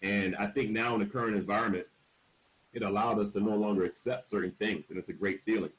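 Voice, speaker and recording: A man in his forties, somewhat low-voiced, tells a candid personal story as a panel speaker. His intonation stays fairly even and his pace is quick; he leans on key words and mimics the people he quotes, all on a rough recording.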